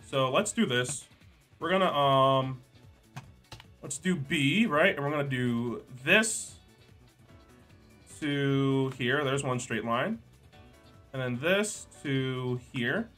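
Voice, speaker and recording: A man's voice: medium pitch, lively intonation, takes it slowly, pauses often, sharp tone, soft background music. A young man streaming, chatting casually, joking and reading chat aloud while editing art.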